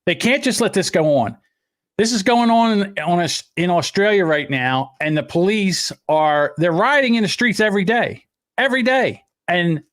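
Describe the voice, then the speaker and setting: An older man co-hosting a podcast, chatting casually in an animated, mocking way and mimicking people he watches. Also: high voice, no room sound, clean studio sound. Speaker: podcast co-host. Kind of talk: casual chat.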